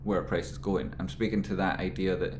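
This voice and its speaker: A man's voice: deep voice, fairly quick, a little hiss or hum. Rambling man talking stocks in echoey room. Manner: rambling, animated, exasperated rants. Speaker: market commentary host. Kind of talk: casual stock market commentary.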